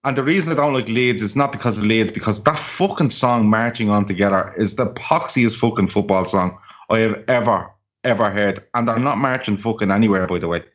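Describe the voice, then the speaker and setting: A man's voice: fairly low pitch, brisk. A man, co-hosting a football podcast with blunt, sweary rants. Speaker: podcast co-host. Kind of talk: casual football banter. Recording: dull, lo-fi call audio.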